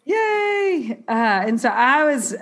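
A woman's voice: medium pitch, moderate pace. A woman with a Southern US accent hosting a podcast, sounding a little nasal and congested, chatty and bubbly with a self-deprecating streak. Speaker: podcast host. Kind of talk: casual podcast chat.

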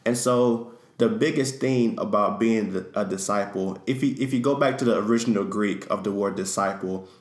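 A man's voice: lowish voice, normal speed. A man co-hosting a faith discussion, talking in an earnest, teaching way. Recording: echoey room.

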